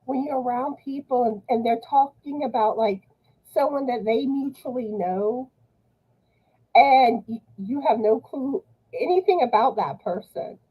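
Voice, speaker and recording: A woman guest talks in a soft, mellow, slightly husky voice, a little higher than most. She speaks hesitantly, with many fillers and restarts. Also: unhurried, rough recording. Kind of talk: casual chat on a live stream.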